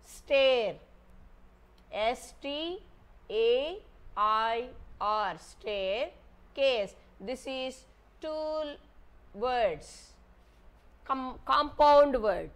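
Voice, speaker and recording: Slow, high-voiced Indian English teacher. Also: female voice, fairly bright tone. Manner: slow, patient, spells words letter by letter. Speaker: primary school teacher. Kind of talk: online maths lesson for young children.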